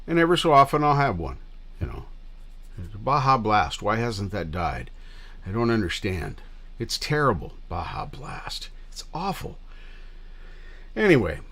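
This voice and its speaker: A man's voice: lowish voice, very animated, normal speed, a bit bright. A middle-aged man hosting a livestream, chatting casually with viewers in a rambling, scattered way and swearing freely. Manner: rambling and scattered, loose with profanity. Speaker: livestream host.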